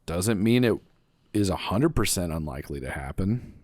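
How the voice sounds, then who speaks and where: A man's voice: low voice, lively intonation, moderate pace, darkish tone, dry recording, studio quality. A young man co-hosting a podcast in casual chat, rambling and hesitant, often correcting himself. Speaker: podcast co-host.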